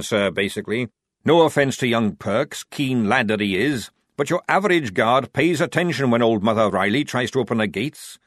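A crafty old army sergeant with a gruff, rough-edged working-class way of talking, as a man puts him on. The storybook reading is lively in pitch and sits in a dry, close space. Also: dry recording. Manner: rough working-class speech, dropped words.

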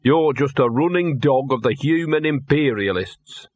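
A scruffy, boozy little talking dog, put on by a male audiobook reader, full of grumbling self-pity and sour lectures. His voice is hoarse and gruff, lifted above the narrator's own pitch and dragged out slowly. The recording is close and dry. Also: expressive, darkish tone, no room sound. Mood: lecturing.

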